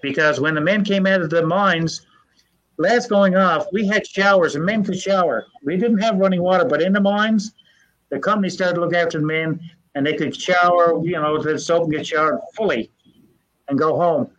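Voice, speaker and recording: A man's voice: sits high, a bit bright. Older man telling folk tales. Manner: folksy, earnest, halting with restarts. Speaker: storyteller guest. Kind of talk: casual storytelling. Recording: dull lo-fi sound.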